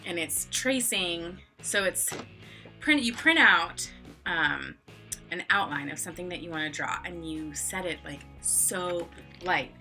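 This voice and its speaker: A woman's voice: a little slow, pushed and bright, soft background music. A woman in her thirties, an online English teacher, chatting casually on camera in a filler-heavy way and acting out classroom moments. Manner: chatty, filler-heavy, acts out classroom exchanges in high playful voices. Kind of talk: casual vlog explanation.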